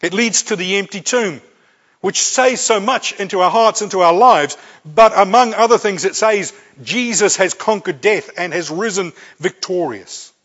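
A man's voice: sits high, moderate pace, fairly bright tone. A man preaching a sermon, earnest and repeating key phrases for emphasis. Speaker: pastor. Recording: dull lo-fi recording.

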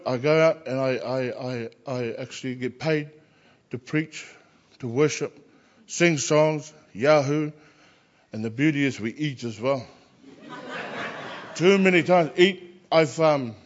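A man, a Christian chaplain, telling lively personal stories and acting out the voices of the people in them. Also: medium pitch, highs cut off. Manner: animated anecdotes, acts out quoted voices. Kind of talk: personal storytelling.

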